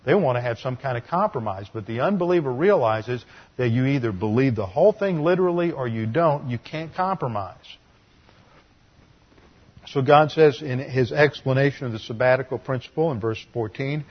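Male pastor mid-sermon, earnest teacher with dry humor, husky tone, muffled lo-fi sound. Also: medium pitch, expressive, normal speed. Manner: earnest teaching with wry asides. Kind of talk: expository sermon.

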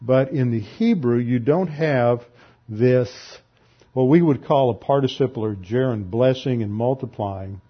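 A man teaches a Bible lesson in a measured, methodical way, working through grammar point by point. His voice is slightly husky, and the recording sounds dull and lo-fi. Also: mid-range voice. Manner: methodical, explains grammar step by step with restarts. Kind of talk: classroom lecture on scripture.

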